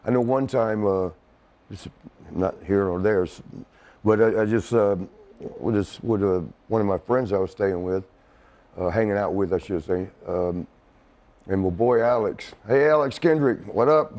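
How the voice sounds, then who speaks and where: Low-voiced man telling rambling stories. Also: warm tone. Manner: rambling, laughs often, halting restarts. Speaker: guest, former wrestler. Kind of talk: casual storytelling interview.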